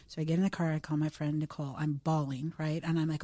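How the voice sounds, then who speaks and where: A woman's voice: low voice, level tone, fast, few pauses, mellow, dry recording. A woman co-hosting a podcast, telling a personal story in a chatty, self-deprecating way with the odd swear word. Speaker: podcast co-host. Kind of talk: casual storytelling chat.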